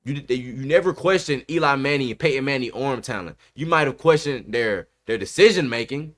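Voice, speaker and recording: Podcast host, man, mid-pitched, emphatic, repeats his points, slangy casual sports talk. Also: fairly quick. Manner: emphatic, repeats himself, says bro a lot.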